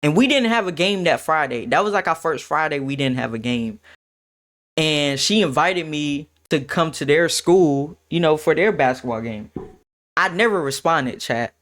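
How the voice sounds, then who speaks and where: A man's voice: fairly high pitch, moderate pace. Young guy doing storytime for chat, voice jumps all over, laughs a lot. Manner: animated, laughs, quotes others in shifting voices. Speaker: streamer. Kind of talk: casual storytime to stream chat.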